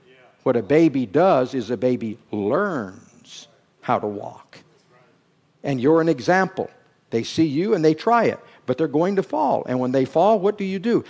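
A middle-aged man preaching a sermon, dropping to hushed, drawn-out phrases and then climbing into loud, emphatic bursts. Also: mid-range voice, vocal fry. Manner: slow, drawn-out words for emphasis.

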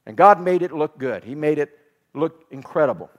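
In a reverberant hall, a male pastor delivers a sermon at a moderate pace, his fairly high voice full of lively intonation and the highs cut off. In a preacherly style he repeats phrases for emphasis and questions the congregation, laughing as he tells a story from home.

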